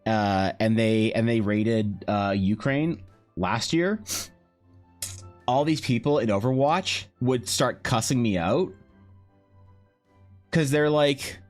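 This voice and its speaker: A man's voice: mid-range voice, expressive, slow, pauses often. Rambling man streaming, faint music. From Canada. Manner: rambling, swears freely, many restarts. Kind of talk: casual live-stream chat.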